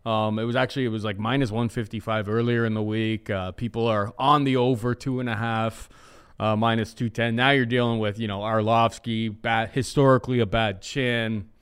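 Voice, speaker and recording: A man co-hosting a casual podcast, talking through fight odds in a measured, analytical way with frequent fillers. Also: fairly low pitch, steady tone, smooth. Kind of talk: casual podcast chat making betting picks.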